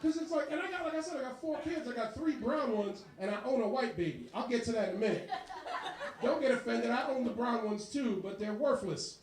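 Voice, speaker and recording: A man in his forties working a bar crowd with a profane, animated stand-up set. His voice sits very high for a man. The sound is echoey and distant, as if taken from across the room. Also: a little fast. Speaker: stand-up comedian. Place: bar comedy show.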